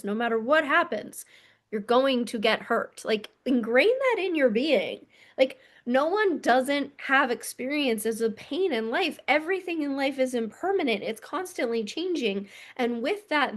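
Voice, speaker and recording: Earnest woman coaching to camera. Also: sits high. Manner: earnest, emphatic, casual swearing. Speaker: mentor and coach. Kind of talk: motivational monologue to camera.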